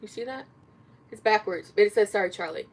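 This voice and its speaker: A woman's voice: mid-range voice, fairly quick, darkish tone. A woman with an Indiana accent, an author chatting casually to camera in a rambling way, full of fillers and restarts. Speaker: author and vlogger. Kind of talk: casual chat.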